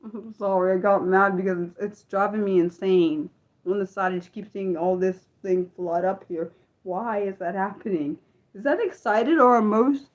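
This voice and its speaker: A woman's voice: medium pitch, moderate pace. A young woman hosting an unscripted livestream, chatting in a rambling way with lots of filler words. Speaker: livestream host.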